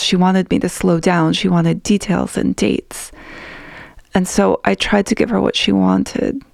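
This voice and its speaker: A woman narrating a first-person memoir in a hushed, hesitant, emotional way. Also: mid-range voice, gravelly, no echo.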